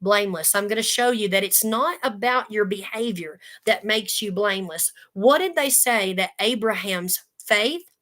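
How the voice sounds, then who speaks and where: A woman's voice: medium pitch, moderate pace, fairly bright tone. Earnest woman teaching the Bible casually. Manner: conversational and earnest, with folksy asides. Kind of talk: casual Bible study talk.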